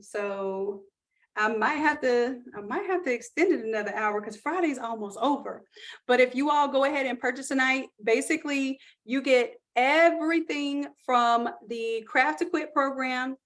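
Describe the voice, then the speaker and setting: Upbeat woman pitching on a livestream. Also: a bit bright. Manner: chatty, upbeat, pitching offers to chat viewers. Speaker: online course host. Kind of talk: live-stream sales pitch.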